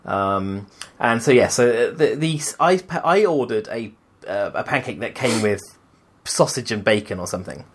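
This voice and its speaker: A man's voice: fairly low pitch, animated, moderate pace, husky. A man, co-hosting a podcast and telling a story in wry, exasperated casual chat. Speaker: podcast co-host.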